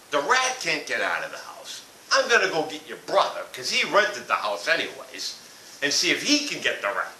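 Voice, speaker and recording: A man's voice: fairly high pitch, wildly swooping pitch, moderate pace, bright, forceful tone. A man telling a blunt, profane comic rant about a family vacation. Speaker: comedic ranter. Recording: echoey room from far off with hiss.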